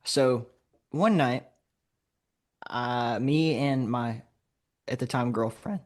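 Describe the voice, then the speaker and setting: A man's voice: mid-range voice, takes it slowly. A man from Alabama, a podcast guest, telling a story casually and laughing as he talks. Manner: lively anecdote telling, laughs while talking. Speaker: podcast guest, game designer.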